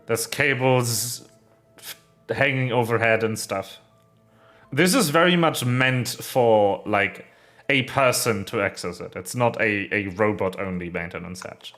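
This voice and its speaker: A man narrating as game master of a tabletop game, explaining in a halting way. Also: on the low side, fairly bright tone, faint music behind.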